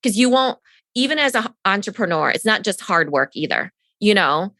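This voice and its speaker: Woman, podcast co-host, thoughtful, hesitant fillers, mid pitch, dry. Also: lively intonation, a little fast, sharp tone, no room sound. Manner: thoughtful, searching for words, many fillers. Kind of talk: casual interview chat.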